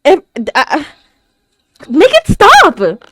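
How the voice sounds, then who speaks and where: A woman's voice: very high voice, wildly swooping pitch, very slow, pushed and bright, no echo. A woman hosting a reaction video, talking over an anime episode with gasps, stammers and constant exclamations. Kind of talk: live anime reaction commentary.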